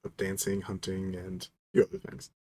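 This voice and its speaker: A man's voice: sits low, monotone, brisk, a little mellow, breathy edge, no echo. A man running a tabletop game as game master, playful and laughing often.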